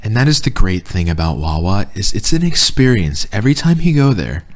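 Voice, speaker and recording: A man's voice: on the low side, big pitch swings, fairly quick. A man, hosting a podcast and rambling through a funny story in casual chat. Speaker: podcast host.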